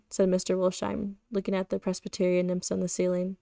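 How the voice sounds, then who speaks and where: A woman streamer reading a novel aloud in a steady, even delivery. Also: medium pitch, moderate pace, creaky, dry recording, studio quality. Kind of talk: live-streamed book reading.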